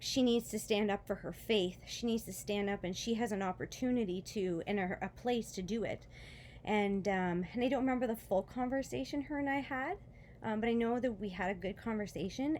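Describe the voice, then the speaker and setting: A woman telling a personal faith story in a casual vlog, emotional and close to tears, rambling with fillers and soft laughs. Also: on the high side, slight background noise. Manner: emotional, near tears, laughing softly between words; rambling with many fillers and restarts. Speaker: vlogger.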